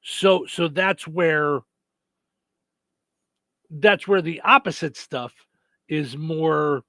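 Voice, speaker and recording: A man with a high, bright voice co-hosts a casual radio chat. He stumbles through fillers and restarts as he tells a story. The sound is dry and close. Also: extremely slow, dry recording. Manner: many fillers and restarts, laughs easily. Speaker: radio show co-host.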